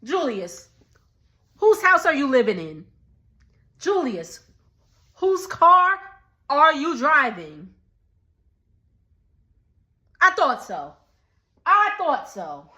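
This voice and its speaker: A woman, giving a sassy, animated casual recap and talking back to the people on screen. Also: high voice, drawn-out words, long pauses, reverberant. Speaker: recap vlogger.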